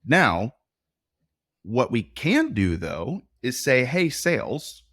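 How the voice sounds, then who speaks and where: A man's voice: medium pitch, wildly swooping pitch, slow, a bit bright, no room sound, studio quality. A man being interviewed as a podcast guest, explaining his views in a confident, direct way. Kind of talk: conversational interview.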